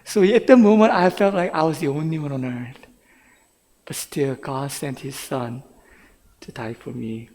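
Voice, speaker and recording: A man's voice: a little high, a little slow, a little mellow. A middle-aged man with a pastor's role, telling his own story in a sermon that switches between English and Korean, laughing now and then as he tells it. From grew up in Brooklyn, New York. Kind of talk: bilingual sermon testimony. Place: church sanctuary. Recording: long church reverb.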